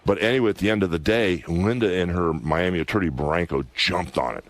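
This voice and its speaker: Rambling deep-voiced middle-aged man. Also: a little fast, no echo. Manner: rambling, emphatic, lots of "you know" and "anyway". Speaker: guest, former wrestler. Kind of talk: candid radio interview storytelling.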